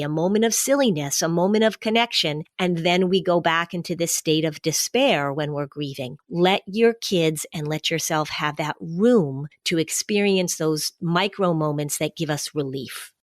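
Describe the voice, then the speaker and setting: A middle-aged woman co-hosting a parenting podcast, giving steady, explanatory advice in casual conversation. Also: fairly low pitch, moderate pace, hardly any pauses, no echo, studio quality.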